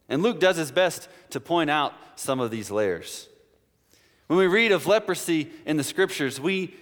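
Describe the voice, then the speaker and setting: A male pastor with a somewhat high voice delivers a sermon in a church. His words trail off into a long reverb. He keeps it conversational and slips in playful asides. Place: church sanctuary.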